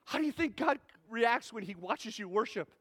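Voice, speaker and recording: High-voiced animated male pastor preaching. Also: normal speed, husky. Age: adult parent. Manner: animated, conversational preaching with rhetorical questions. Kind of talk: sermon.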